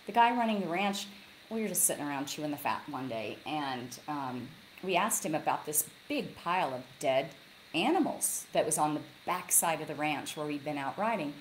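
A woman with a somewhat low voice tells stories with energy, slipping into the voices of the people she quotes. She speaks from a log cabin lodge over a video call. A faint hiss sits under her voice. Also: normal speed, rough recording. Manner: animated storyteller, acts out quotes. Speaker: author guest. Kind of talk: casual interview chat.

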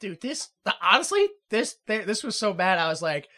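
Woman podcast co-host, lively pitch, bright tone, rambly and loose. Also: moderate pace. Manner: animated, rambling, swears casually. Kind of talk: casual chat.

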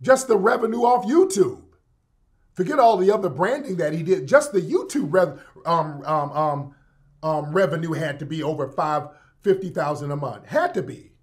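A man's voice: a little high, expressive, moderate pace. A man hosting a show, delivering a heated, confrontational monologue straight at his audience. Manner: heated, confrontational, repetitive addressing. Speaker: show host.

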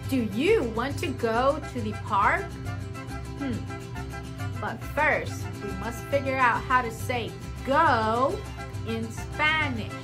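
A woman teaching toddlers simple words in a slow, sing-song way, repeating each word and asking little questions. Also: a little high. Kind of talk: toddler language lesson. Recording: music playing under voice.

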